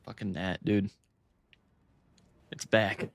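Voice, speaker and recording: Gravelly young American man streaming. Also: fairly low pitch, level tone, slow. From United States. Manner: laid-back, swears freely, laughs often. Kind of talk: casual livestream chat while gaming.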